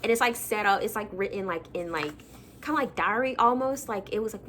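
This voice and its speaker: A woman's voice: mid-range voice, expressive, a little fast, a bit bright, a little hiss or hum. A young woman vlogging casually about her childhood books, chatty and self-mocking with lots of fillers. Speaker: book vlogger. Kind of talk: casual chat.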